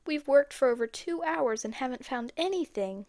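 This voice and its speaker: A woman's voice: sits high, lively intonation, normal speed, a little mellow, no echo, clean studio sound, voice pushed up. A woman voicing a discouraged older woman in an audiobook.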